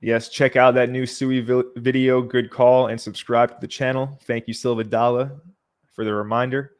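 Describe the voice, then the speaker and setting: A man hosting a casual livestream chats at a relaxed, moderate pace, reading out and talking over viewer comments with fillers and small sighs. His pitch is low-key and flat, barely moving, and he sounds close to his microphone.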